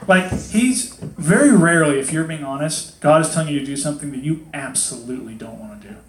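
Joking preacher in an echoey hall. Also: male voice, fairly high pitch, animated, brisk. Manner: conversational, joking, acts out quoted voices. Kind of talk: casual sermon.

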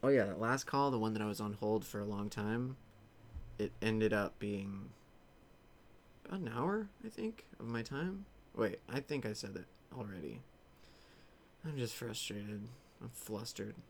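A man chatting casually to his viewers while stuck on hold, rambling and joking in a deadpan way. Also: on the low side, moderate pace, a little hiss or hum. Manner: deadpan, rambling, muttering jokes to himself. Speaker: vlogger.

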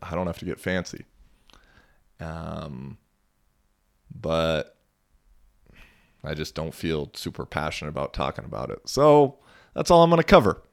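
A man's voice: rumbling low, expressive, a little slow, gravelly, pauses often. A young man hosting a casual solo podcast, telling a story in a laid-back, rambling way with casual swearing, sounding a little tired. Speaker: podcast host.

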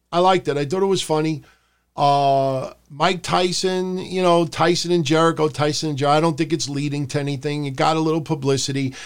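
Chatty wrestling podcast host, man. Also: on the high side. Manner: rambling, profane, does shouted impressions. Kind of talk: casual wrestling review.

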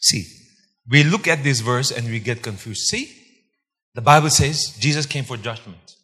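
A man's voice: mid-range voice, moderate pace, pushed and bright, husky. A man preaching a sermon to a congregation, emphatic, repeating key points and quizzing his listeners. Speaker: pastor. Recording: long hall reverb.

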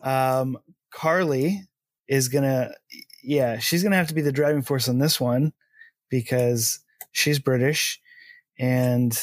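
Slow, laughing podcast host. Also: medium pitch, dry recording. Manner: rambling, laughs often, stumbles on names. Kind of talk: casual chat.

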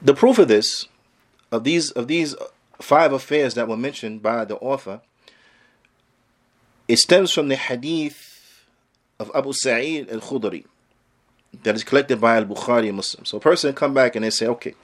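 A man's voice: medium pitch, normal speed, long pauses. Emphatic male Islamic lecturer. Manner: emphatic, full of rhetorical questions; casual street phrasing. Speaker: Islamic teacher. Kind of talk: religious lecture.

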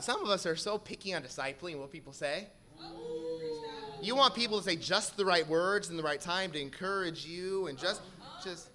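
Bright, high-voiced man preaching a sermon. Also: expressive, moderate pace. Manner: swings from quiet teaching to shouted exhortation.

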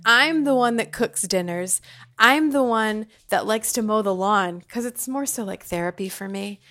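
A woman talking casually and heartfelt to her viewers from home, chatty and rambling as she reflects on the people she relies on. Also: medium pitch. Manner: warm, chatty, rambling with fillers. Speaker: vlogger sharing personal reflections. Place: home, kitchen or dining table.

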